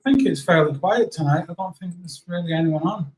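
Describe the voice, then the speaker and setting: Low-key co-host. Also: male voice, a little fast, low-quality recording. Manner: brief, low-key replies.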